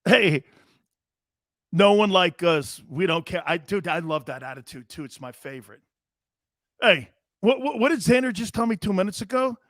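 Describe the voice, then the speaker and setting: A man hosting a sports talk show, telling stories in a loose, animated way with frequent laughter and some cursing. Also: high-pitched, fairly quick, dry recording, clean studio sound. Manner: animated storyteller, laughs often, curses. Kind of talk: casual sports radio chat.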